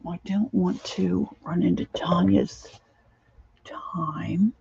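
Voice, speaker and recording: A woman's voice: lowish voice, animated, unhurried, creaky, warm tone, slightly rough, dry recording, dull audio. A middle-aged woman chatting casually to herself and her viewers while she crafts at home, rambling from one thought to the next. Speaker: craft vlogger.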